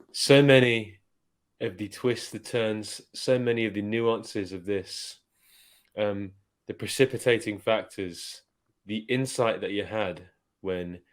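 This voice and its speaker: A man hosting an interview who answers his guest with measured admiration. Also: on the low side. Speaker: podcast host. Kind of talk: casual interview.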